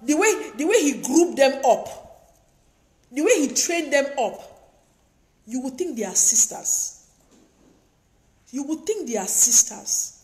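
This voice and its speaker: Woman vlogger, higher voice, emphatic lecturing advice, roomy echo. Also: animated, slow, long pauses. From Africa. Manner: emphatic and preachy, repeats lines for effect. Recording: echoey room.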